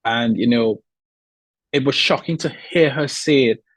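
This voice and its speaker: Husky-voiced man telling work stories. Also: mid-range voice, a little slow, no echo. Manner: animated storyteller acting out quoted people. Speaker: podcast guest. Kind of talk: casual interview chat.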